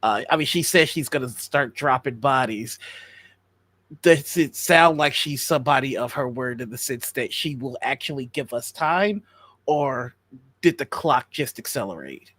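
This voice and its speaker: A man's voice: mid-range voice, lively intonation, measured pace, fairly bright tone, no echo. A man playing a tabletop game, chatting, explaining rules and thinking aloud. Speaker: player.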